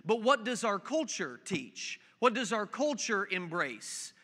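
A man's voice: high-pitched, big pitch swings, unhurried, bright, forceful tone. A man preaching a sermon as pastor, conversational and storytelling, with asides to the congregation. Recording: hall reverb.

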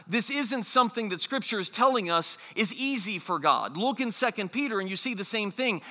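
A man preaching with a high, bright, ringing voice. He presses each point earnestly and mimics skeptics in mocking tones. The sound carries a long reverb like a large hall. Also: animated, normal speed, hardly any pauses. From United States. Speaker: pastor. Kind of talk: sermon.

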